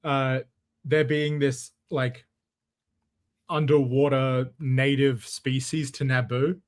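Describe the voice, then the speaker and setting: A man's voice: medium pitch, little pitch movement, slow pace, no room sound. A man co-hosting a casual podcast, laid-back and a little hesitant, chuckling now and then. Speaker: podcast co-host.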